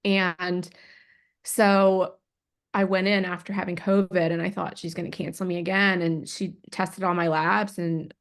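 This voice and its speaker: A woman in her forties, a podcast guest, telling a personal story in a lively, unfiltered way, acting out what people said. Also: fairly low pitch, a little slow. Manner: animated, acts out quoted dialogue, swears freely.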